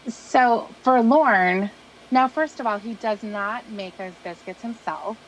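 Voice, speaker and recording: A woman's voice: on the high side, slow, dull audio, slight background noise. A woman hosting a casual chat, explaining things in a loose, rambling way. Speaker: host.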